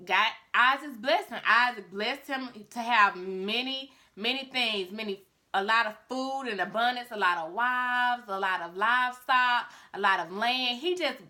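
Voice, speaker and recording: A woman's voice: fairly high pitch, unhurried, bright, forceful tone. Chatty woman retelling a Bible story. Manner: chatty, addresses viewers. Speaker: vlogger.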